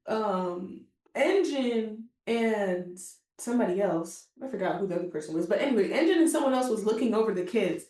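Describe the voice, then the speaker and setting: A woman's voice: mid-range voice, expressive, normal speed, dark tone, roomy sound. A woman co-hosting a casual anime reaction chat, rambling along with many fillers and frequent laughs. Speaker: co-host.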